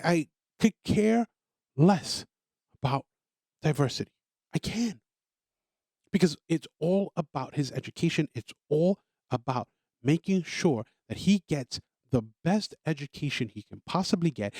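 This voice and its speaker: A man's voice: sits high, darkish tone, no room sound, studio quality. A man hosting a talk show, delivering an opinionated monologue in an emphatic way, repeating himself and stammering on restarts. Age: adult parent. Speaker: podcast host.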